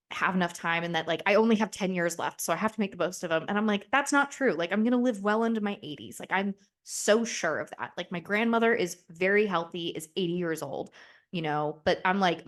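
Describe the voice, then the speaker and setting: A woman in her twenties chatting candidly on a podcast, rambling with lots of fillers and casual swearing. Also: on the low side. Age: 20s. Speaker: podcast host.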